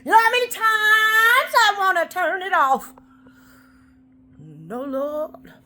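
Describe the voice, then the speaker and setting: A woman rambling aloud in a monologue, talking to God and to her auntie, drifting from soft murmurs into loud outbursts. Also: very high voice, normal speed. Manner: talks aloud to God and her auntie, breaking into song snatches.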